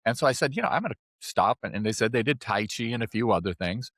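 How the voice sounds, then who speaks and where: A man in his seventies, a podcast guest, telling his life story in a chatty, animated way and often checking in with "right?". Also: mid-range voice, fast, no echo, studio quality. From California. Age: 70s. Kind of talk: casual storytelling interview.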